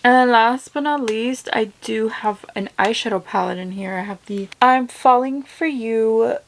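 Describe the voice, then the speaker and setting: A young woman reviewing makeup in a casual vlog, chatty and gushing, full of "like", sometimes dropping to soft asides. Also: a little high, moderate pace, a little hiss or hum. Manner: chatty and effusive, lots of "like", drops to soft asides. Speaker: beauty vlogger.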